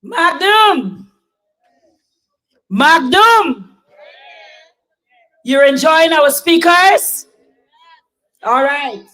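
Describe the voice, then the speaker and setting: A woman's voice: high-pitched, expressive, very slow, pauses often, pushed and bright, low-quality recording. A woman emceeing a rally, chatting playfully with the crowd and introducing speakers. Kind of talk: casual stage hosting.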